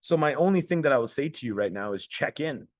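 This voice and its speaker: A man's voice: medium pitch, animated, fast, dry recording, clean studio sound. A man coaching other men on a group call, talking casually and bluntly, with some swearing and repeated words. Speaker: men's coach. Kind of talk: motivational talk to a group call.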